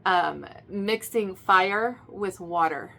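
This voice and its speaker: A woman's voice: medium pitch, takes it slowly, gravelly. A woman giving a casual spoken tarot reading in a chatty, emphatic way, repeating herself, with many fillers and restarts. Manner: emphatic, swings to loud excited bursts. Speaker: tarot reader.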